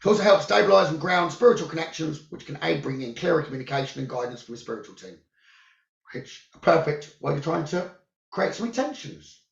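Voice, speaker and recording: A man who works as a psychic medium, giving calm, soothing spiritual guidance about the new moon, crystals and journaling. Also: fairly high pitch, fast talker, vocal fry. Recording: roomy, dull lo-fi sound.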